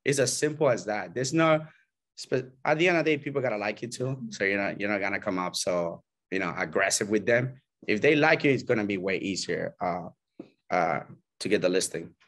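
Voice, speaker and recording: A man's voice: on the low side, brisk. Realtor man coaching a group casually. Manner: animated, acts out client and agent quotes; repeats "right?" and "you know?". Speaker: realtor teaching agents.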